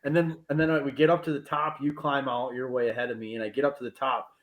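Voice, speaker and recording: Laughing, excited man telling a story. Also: medium pitch, fast talker, phone-quality sound. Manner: laughs through his story, swears, gets excited. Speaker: podcast co-host. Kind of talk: casual storytelling among friends.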